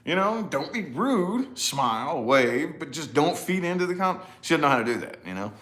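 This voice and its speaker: A man's voice: on the high side, very animated, normal speed, fairly bright tone. A man in his thirties chatting casually to camera, rambling and laughing at himself, with lots of "you know?". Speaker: vlogger, father.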